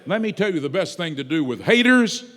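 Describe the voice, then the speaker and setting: A man preaching a sermon to a congregation, swinging between soft asides and loud, drawn-out emphatic words. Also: fairly high pitch, sing-song. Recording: long reverb of a large hall.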